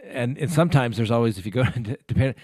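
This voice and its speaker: A man's voice: medium pitch, lively intonation, quick pace, a little mellow, no room sound, studio quality. A man hosting an interview as a trial attorney, talking casually with frequent restarts and repeated words.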